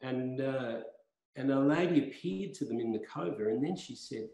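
A man's voice: mid-range voice, lively intonation, moderate pace, vocal fry, mellow. A man as a podcast guest, telling rambling, impassioned stories in conversation. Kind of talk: storytelling conversation. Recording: roomy echo.

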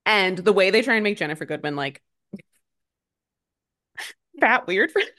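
A woman co-hosting a podcast, recapping a movie in casual chat with quick, sarcastic asides. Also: mid-range voice. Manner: animated, sarcastic, fast recapping with many "like"s. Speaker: podcast co-host.

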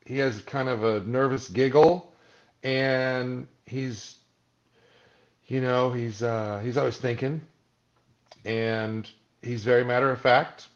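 Here the Malibu interview guest talks slowly at a medium pitch, pausing often, and the recording is muffled. He's an animated, casual storyteller who acts out the voices of people he quotes.

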